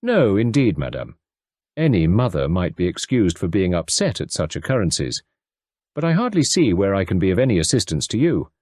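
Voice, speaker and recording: A courteous, precise Belgian detective speaks with measured care, dropping in French phrases, as a man performs him. The delivery is low-pitched but lively. It sounds close and dry. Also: dry recording.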